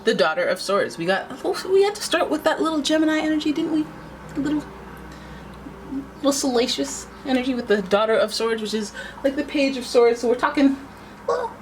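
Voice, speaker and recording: A woman's voice: moderate pace, slight background noise. A woman giving a casual tarot reading to camera, chatty and playful, often jumping into asides and making her voice jump up on exclamations. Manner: animated, pitch often jumps up on exclamations. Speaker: tarot reader.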